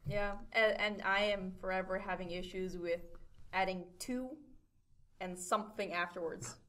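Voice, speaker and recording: A woman's voice: mid-range voice, steady tone, moderate pace, a bit bright. A woman co-hosting a podcast, chatting casually and giggling with friends. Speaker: podcast co-host. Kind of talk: casual chat.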